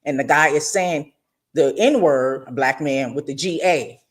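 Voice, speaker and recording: A middle-aged woman hosting a radio talk show, telling stories in a casual, expressive way with frequent asides to her listeners. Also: deep voice, a little slow.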